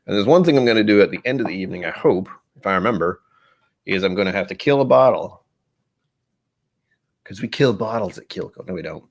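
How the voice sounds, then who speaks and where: A man's voice: lowish voice, lively intonation, fairly quick, gravelly, long pauses. A man hosting a casual whiskey-tasting livestream, rambling and self-deprecating as he thinks aloud. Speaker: whiskey channel host.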